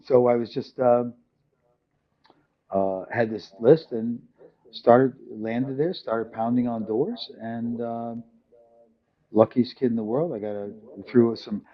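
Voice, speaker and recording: An older New York City man with a New York accent tells his story as a guest in a casual interview, rambling with lots of fillers and acting out the people he quotes. His medium-pitched voice is slow, and the audio is muffled and lo-fi.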